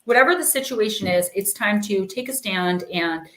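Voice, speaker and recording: A woman's voice: mid-range voice, normal speed, fairly bright tone. A woman hosts a live oracle card reading, talking in a loose, reassuring way full of "like" and "um." Her voice has a noticeable roomy echo around it. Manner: chatty, filler-heavy, reassuring. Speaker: oracle card reader and live-stream host. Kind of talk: casual live-stream chat and card reading.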